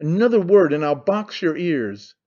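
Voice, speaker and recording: A man's voice: fairly high pitch, animated, normal speed, mellow, muffled recording, close to an everyday voice. A man voicing an aged, theatrical father who cries out in wounded indignation. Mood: indignant. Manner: wailing, outraged outbursts.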